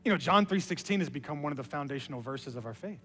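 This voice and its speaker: Male pastor, high register, lively storyteller; long hall reverb on the mic. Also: fast talker, faint music behind. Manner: animated storytelling, drops to hushed emphasis. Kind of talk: sermon.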